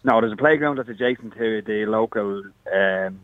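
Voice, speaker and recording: A man's voice: fairly low pitch, moderate pace, no room sound. A man with an Irish accent calling in to a radio show, joking and colloquial, heard over a phone line. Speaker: radio caller. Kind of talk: call-in radio chat.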